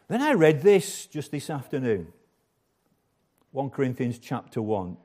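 A man's voice: mid-range voice, big pitch swings, unhurried, a little mellow. An older man preaching a sermon as the church's pastor, earnest and emphatic, repeating key phrases for weight.

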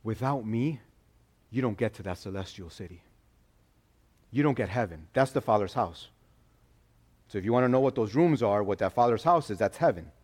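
A man with a lowish voice preaching a sermon. He talks casually to the congregation and acts out the quotes he tells. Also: moderate pace, long pauses. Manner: conversational, animated preaching with acted quotes. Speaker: pastor.

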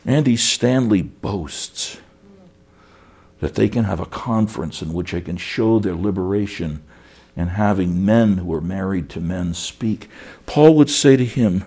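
A middle-aged pastor preaching in a slow, unhurried cadence. His voice is low, dark and mellow, with a husky edge, and he talks earnestly, often repeating words as he builds each point. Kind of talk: sermon.

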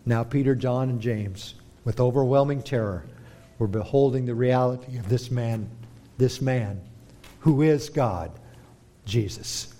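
A man preaching a sermon, dramatic, moving between hushed, slow emphasis and forceful rises. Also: medium pitch.

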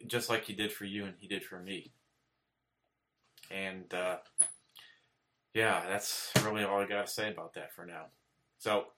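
A man's voice: low voice, sharp tone, slight background noise. A man giving an informal sermon to camera, earnest and plainspoken, checking in with "okay?" and rising to emphatic repetitions. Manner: earnest, repeats "okay?" often, restarts, rises to emphatic peaks. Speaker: preacher. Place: indoors, speaking to camera.

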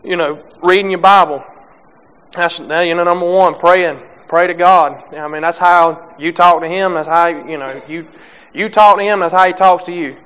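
Halting young preacher, smooth voice. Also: male voice, high voice, fairly even intonation, fairly bright tone. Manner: halting, many restarts and fillers. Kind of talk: sermon.

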